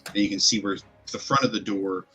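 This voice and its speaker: A man's voice: lowish voice, fairly quick, bright, forceful tone. A man narrating a tabletop game as game master, describing sounds in loose, rambling sentences full of fillers. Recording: faint music behind.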